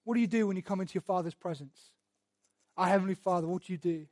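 A man preaching a sermon and teaching through Bible verses, speaking earnestly, often repeating words as he restarts, and building to loud emphatic passages. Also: high voice, fast talker, no room sound. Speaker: pastor.

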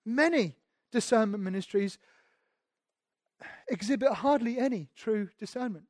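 A man's voice: high voice, unhurried, darkish tone, no echo. Man preaching conversationally, dry sound. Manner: conversational preaching, emphatic, often repeats words. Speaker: pastor. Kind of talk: sermon.

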